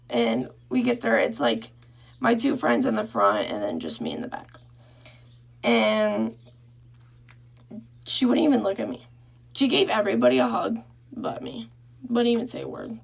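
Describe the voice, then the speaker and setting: A woman's voice: a little high, gravelly. A young woman casually telling a story about her first relationship, frank and swearing, often trailing off and restarting.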